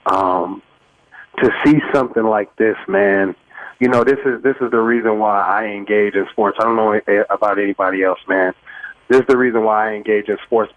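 A man's voice: lowish voice, no room sound, low-quality recording. Emotional man in his thirties calling in. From Los Angeles, US. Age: 30s. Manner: heartfelt, rambling with fillers. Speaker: caller. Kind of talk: emotional fan call-in.

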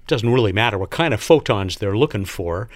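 Lively-voiced man hosting a radio interview. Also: fairly low pitch, a little fast, no room sound. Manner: inquisitive, playful questioning. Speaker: radio show host.

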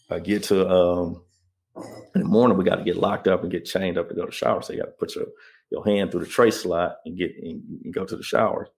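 Gravelly low-voiced man telling his story. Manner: conversational, often adds "you know what I mean". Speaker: interview guest. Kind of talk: personal storytelling in conversation.

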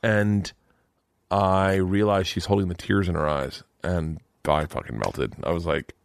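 A middle-aged man with a low voice tells a rambling story in casual chat, jumping into the voices of the people in it. The sound is dry and close, with no room around it. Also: a little slow, gravelly, dry recording. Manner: animated storyteller, acts out quotes in raised voices. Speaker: guest comedian.

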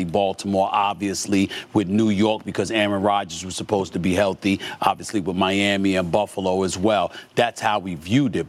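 A man sports commentator arguing emphatically on a debate show, often repeating himself as he starts a point. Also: sits low. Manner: emphatic, forceful, repeats words.

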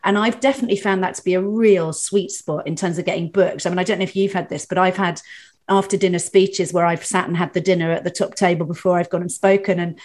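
A woman's voice: on the low side, steady tone, fast talker, darkish tone. A woman from Britain chats casually about her work as a comedian and speaker. She talks in a loose, conversational way, with plenty of fillers and false starts. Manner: chatty, frequent fillers and restarts.

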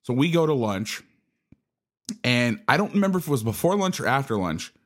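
A man's voice: medium pitch, sing-song, a little fast. A man who coaches football, telling a casual story and acting out the conversations in it.

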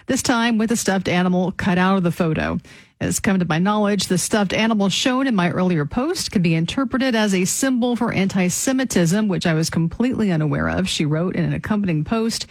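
A woman's voice: medium pitch, no echo. A female radio co-host giving dry, short replies and reading a news item. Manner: dry, brief agreeing replies.

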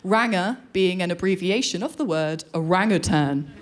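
A woman performing a stand-up comedy routine with wry, deadpan asides. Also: fairly low pitch, normal speed.

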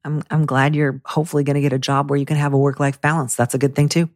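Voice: medium pitch, level tone, fast, no echo, studio quality. A podcast host giving advice and chatting with a guest in an encouraging, playful way, then reading the show's closing notes.

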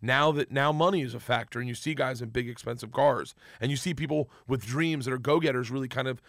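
A man's voice: medium pitch, fast talker, fairly bright tone, no room sound, clean studio sound. A man telling stories in a casual chat, rambling, cutting himself off, and swearing freely. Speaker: guest. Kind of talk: casual storytelling in a podcast chat.

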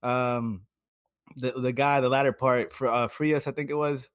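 A man co-hosting a sports podcast, talking in an excited, casual way and slipping into loud shouted bits. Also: mid-range voice, measured pace, no room sound, studio quality. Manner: animated, drops into loud shouted impressions. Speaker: podcast co-host. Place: at home.

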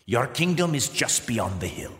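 A man voicing a gentle male wind god who speaks slowly and formally. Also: mid-range voice, long reverb tail. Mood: calm. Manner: slow, calm, formal.

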